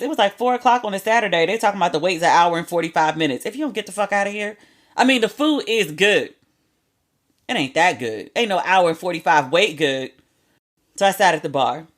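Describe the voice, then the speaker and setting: A woman podcast host talking in a loose, storytelling way, her voice sitting a little low. She is candid and chatty, drops slang and the odd swear, and sounds like she is confiding in listeners. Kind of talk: casual storytelling monologue.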